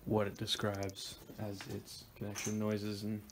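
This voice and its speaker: DIY tutorial host, man with a low, monotone voice, halting, full of ums. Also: noisy background. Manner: halting, lots of ums and restarts. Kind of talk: casual how-to explanation. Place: garage workshop.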